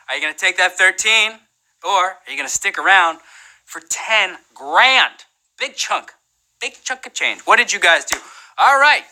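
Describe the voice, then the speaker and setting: A woman's voice: a little high, rough recording. A woman hosting a live trivia game show, playful and joking as she reads questions and banters with players. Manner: wired and energetic.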